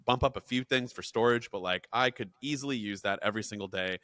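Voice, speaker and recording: A man co-hosting a tech podcast, talking in a chatty, animated way with frequent restarts. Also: lowish voice, fast, dry recording. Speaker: podcast co-host. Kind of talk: casual tech chat.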